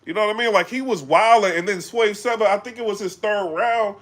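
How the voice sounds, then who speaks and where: A man chatting casually on a live stream, animated and full of fillers, breaking into loud shouts when he gets excited. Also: sits high, brisk. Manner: animated, loose, full of fillers like "you know what I'm saying". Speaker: battle rap commentator.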